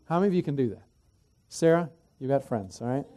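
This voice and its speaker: A middle-aged man, a pastor, preaching a sermon, emphatic in places and dropping to quiet, chatty asides in others. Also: medium pitch, animated, quick pace.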